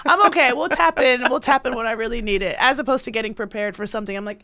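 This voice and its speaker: A woman from Baltimore hosts a casual podcast chat, telling stories and laughing often. Her voice sits a little high, recorded close and dry with no room sound. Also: a little fast, no room sound. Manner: laughs often, animated storytelling. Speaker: podcast host.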